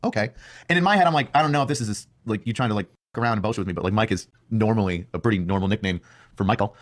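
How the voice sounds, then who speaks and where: A man's voice: fairly low pitch, rapid-fire. A man on a podcast clip telling a behind-the-scenes story, joking and acting out quotes in exaggerated friendly tones. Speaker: police officer debater in a played clip.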